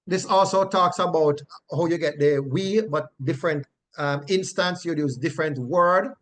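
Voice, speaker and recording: A male Bible teacher explaining grammar in a lesson, often pausing to check in with "right?". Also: on the high side, a bit bright, slight background noise.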